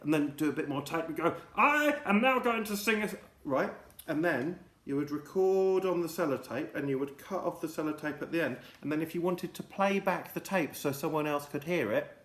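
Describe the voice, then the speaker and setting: A man hosting a comic children's show, rambling in a silly, mock-pompous way. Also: fairly high pitch. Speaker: host. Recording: echoey room.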